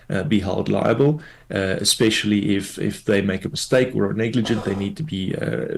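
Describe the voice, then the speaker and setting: A man, a tax law expert, explains a court ruling in a measured way, with many fillers, in a radio news interview. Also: fairly low pitch, creaky, a little mellow.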